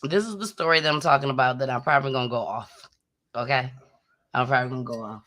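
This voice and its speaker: A woman hosting a casual commentary show, talking in an animated, chatty and emotional way. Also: very deep voice, quick pace. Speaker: host.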